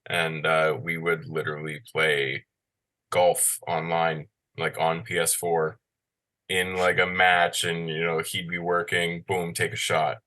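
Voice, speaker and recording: A man who is a podcast guest, chatting casually, telling excitable stories and acting out quotes, swearing along the way. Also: sits low, measured pace. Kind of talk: casual chat.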